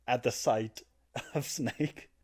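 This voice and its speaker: This man's medium-pitched voice is slightly rough, and he talks slowly. As a podcast co-host, he explains a video game plot in a casual, lively chat, sometimes performing character lines with a laugh.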